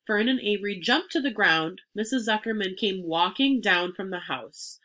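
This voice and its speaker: A woman reading a children's storybook chapter aloud, expressive and clear. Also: medium pitch, normal speed. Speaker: reader.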